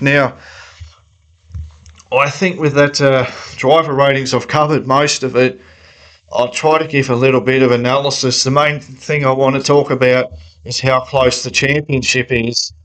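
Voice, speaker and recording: A man talking through his views on a racing season in a relaxed, conversational monologue. His voice sits at an everyday middle pitch, and he sounds opinionated as he works out his thoughts aloud. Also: unhurried, poor audio. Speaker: motorsport fan commentator. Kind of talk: casual sports analysis monologue.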